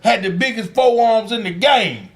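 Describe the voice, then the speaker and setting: A man co-hosting a podcast, telling profane, animated childhood stories in casual chat. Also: high-pitched, moderate pace. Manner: animated, profane storytelling with frequent restarts and laughter. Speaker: podcast co-host.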